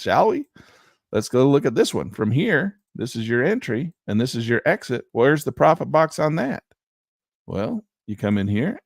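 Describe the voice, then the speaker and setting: A man's voice: medium pitch, no echo, clean studio sound. A man teaching chart trading on a screen share, talking emphatically with rhetorical asides. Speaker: trading instructor.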